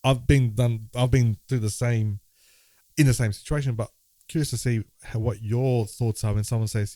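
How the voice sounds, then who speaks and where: A man co-hosting a music podcast, talking in a halting, thoughtful way with many restarts. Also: mid-range voice, steady tone, mellow, no echo. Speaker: podcast co-host, guitarist. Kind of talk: casual conversation about music.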